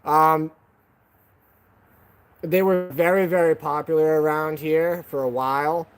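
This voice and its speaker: A man's voice: a little high, steady tone, unhurried, clear, resonant tone. A man hosting a casual live stream from home. He talks to viewers in a laid-back, slangy way, calling them "man" and "dude".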